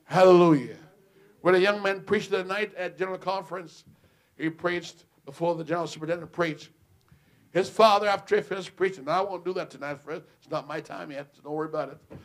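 A man pastor preaching a sermon in a church, telling a story, dropping to a hush and rising to loud exclaiming, with frequent amens and hallelujahs. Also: brisk. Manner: swings from loud exclaiming to quiet low storytelling; punctuates with "amen" and "hallelujah".

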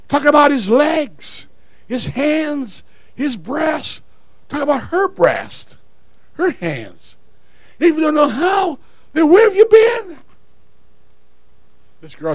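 A man preaching a sermon, swinging from quiet, low asides to shouted calls to the congregation. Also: no room sound. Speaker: pastor.

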